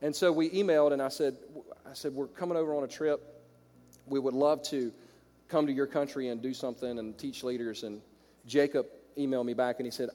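A man with a Southern American accent preaching a sermon to his congregation, shifting from loud exclamations to quiet storytelling. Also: medium pitch, fairly even intonation, a little fast, soft background music. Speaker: pastor. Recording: long reverb of a large hall.

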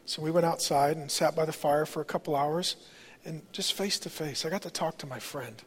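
A man's voice: on the high side, brisk, slightly rough. A pastor in his forties, a man, preaching a sermon with candid, conversational personal stories in a large church auditorium. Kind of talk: storytelling sermon. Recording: long reverb of a large hall.

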